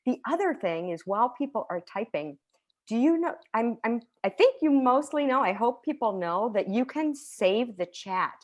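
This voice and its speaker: A woman teacher talks through an online conference session on a video call. Her delivery is lively and conversational, full of asides and quick checks with her listeners. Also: on the high side. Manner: lively, conversational, with frequent "right?" and soft laughs. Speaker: teacher giving a conference talk.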